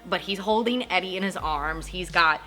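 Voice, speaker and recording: Woman, TV recap host, casual chat, sharp bright tone, emotionally invested. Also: fairly low pitch, faint music behind. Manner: chatty, acts out characters' lines in quick asides; emotionally invested, jokes about crying.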